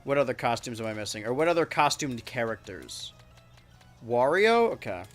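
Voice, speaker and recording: A man streaming a kart racing game, rambling and joking to his chat with sudden excited yelps. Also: medium pitch, moderate pace, faint music behind. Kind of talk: live-streamed gameplay commentary.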